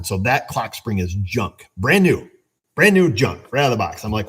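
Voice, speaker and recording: Husky, exasperated mechanic ranting. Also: male voice, fairly low pitch, brisk. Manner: animated, exasperated storytelling with swearing. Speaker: auto repair shop owner. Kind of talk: casual shop vlog rant.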